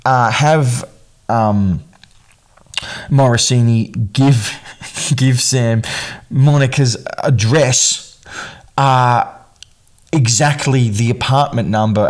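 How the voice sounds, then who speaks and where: Speaking in a mid-range, somewhat mellow voice, a male podcast host rambles through a solo film commentary. Fillers and restarts crop up constantly. He sounds wryly entertained by how absurd the movie is.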